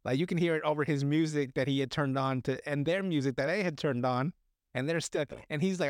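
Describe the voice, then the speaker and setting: A man's voice: a little high, a little fast, dry recording. Laughing, swearing podcast guy, dry sound. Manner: profane, laughs often, loose rambling storytelling. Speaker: podcast host. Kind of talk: casual movie recap chat.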